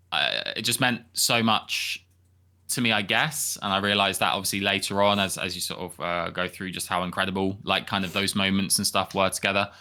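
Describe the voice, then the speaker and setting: A young man co-hosting a podcast, speaking gently and hesitantly, often repeating his words. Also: sits low, clean tone. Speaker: podcast co-host. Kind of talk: casual podcast chat.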